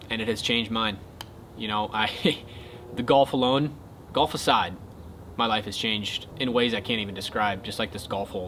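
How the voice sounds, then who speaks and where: A young man casually telling a golf story to his viewers, excitable and then earnest. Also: lowish voice, slight background noise. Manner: excitable retelling, quieter and earnest when talking faith. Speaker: golf content creator.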